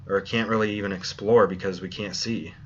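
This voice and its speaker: A man's voice: lowish voice, steady tone, a little fast, fairly bright tone, muffled recording, a little hiss or hum. Man musing aloud over gameplay. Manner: muses aloud, thinking through choices. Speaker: streamer. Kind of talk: casual gameplay commentary.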